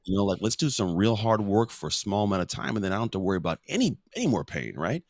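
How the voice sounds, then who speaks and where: Male guest speaker, very low voice, earnest storyteller, dry close recording. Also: big pitch swings, fast talker, no room sound. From United States. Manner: earnest, explains with stories and metaphors. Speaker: podcast guest, motivational speaker. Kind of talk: casual conversational interview.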